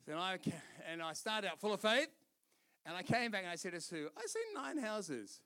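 A man with an Australian accent, a pastor preaching a sermon in an animated, conversational way, telling a personal story and urging listeners on. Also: sits high, brisk, clean tone. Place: church service.

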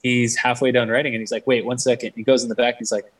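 A young man tells a story as a guest in a casual interview, talking fast in a flat, mid-range voice. He swears freely, says "like" constantly, and imitates the people he quotes. The mic sits back from him, so the recording sounds distant and rough.

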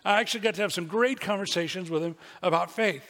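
A man's voice: sits high, quick pace, a bit bright. A man preaching a sermon as pastor, telling folksy stories with asides. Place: church sanctuary. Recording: long reverb of a church hall.

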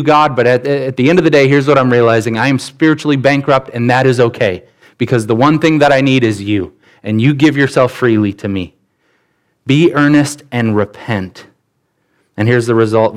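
A male pastor delivering a sermon in an earnest, conversational way. His voice sits at an ordinary middle pitch. He circles back and repeats phrases to press each point home.

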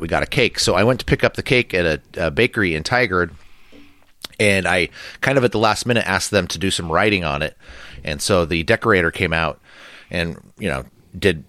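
A man co-hosting a casual podcast, chatting and telling stories, his voice a little deeper from allergies. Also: fairly bright tone, dry recording. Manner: chatty, self-deprecating storyteller. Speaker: podcast co-host.

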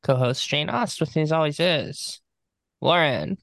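Bright-voiced laughing man co-host. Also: a little high, a little slow, gravelly, no echo. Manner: laughs often, loose and rambling. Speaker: podcast co-host. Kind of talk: casual chat.

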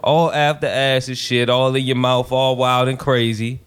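A man's voice: mid-range voice, little pitch movement, normal speed, smooth. A young man, the show's producer and a rapper, talking laid-back and laughing easily. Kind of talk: casual chat.

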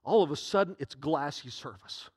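High-voiced animated male pastor. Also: moderate pace, breathy edge. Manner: animated and dramatic, swinging from loud to hushed. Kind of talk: sermon.

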